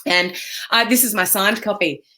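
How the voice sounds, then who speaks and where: This Australian woman is a business coach giving an emphatic motivational talk full of energy on a live stream, talking with viewers as she goes. She speaks at normal speed with a medium pitch.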